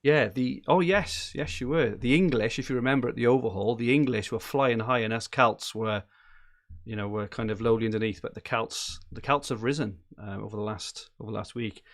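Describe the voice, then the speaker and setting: A chatty man co-hosts a casual podcast, running through standings with plenty of fillers. His voice sits at an ordinary pitch. The sound is dry and close, with no room echo. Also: brisk. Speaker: podcast co-host.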